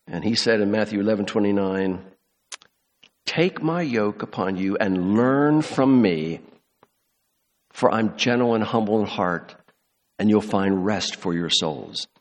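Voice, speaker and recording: A man preaching a sermon, emphatic, slowing on key words and dropping soft at the ends of phrases. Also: lowish voice, long reverb tail. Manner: emphatic, slows for stress, drops soft at ends. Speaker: pastor.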